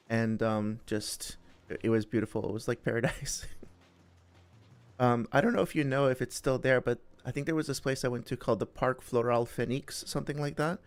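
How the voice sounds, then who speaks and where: A man's voice: medium pitch, moderate pace, clean tone. A young man hosting a live stream, chatting casually with viewers in a friendly, rambling way, full of fillers and restarts. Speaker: streamer host.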